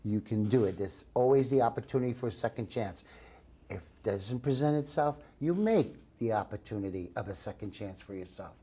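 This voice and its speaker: An older man, an actor being interviewed, talking in an excitable, rambling way full of restarts. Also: fairly low pitch, fairly quick, husky. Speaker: actor interviewed about a film. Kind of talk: casual interview.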